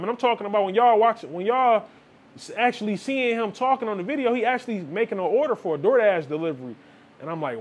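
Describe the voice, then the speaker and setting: A young man with a high, light voice, talking straight to his viewers. He lectures in a loose, preachy way and keeps throwing in "man" and "like". It is a casual motivational vlog monologue. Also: quick pace, slightly rough. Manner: preachy, repeats "man" and "like", quotes people in asides. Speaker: vlogger.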